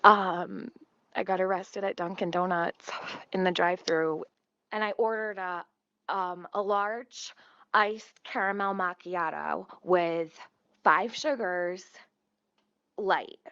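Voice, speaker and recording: A woman's voice: lowish voice, steady tone, slow, a bit bright, no echo, muffled recording. A woman telling a long story on her livestream, rambling, swearing freely and getting sidetracked mid-sentence. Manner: profane, rambling, easily sidetracked.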